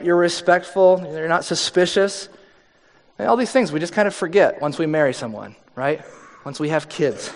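Male pastor, 30s, conversational preacher who slips into acted quotes; high voice, long hall reverb. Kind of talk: sermon.

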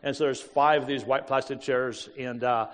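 A middle-aged man telling a personal story with lively energy, often laughing and acting out the voices of the people in it. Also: medium pitch, moderate pace. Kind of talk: animated storytelling talk. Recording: long hall reverb.

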